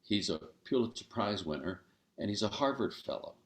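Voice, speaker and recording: An older man telling a story as an interview guest, acting out the dialogue in an animated way. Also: moderate pace, echoey room. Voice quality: gravelly low voice.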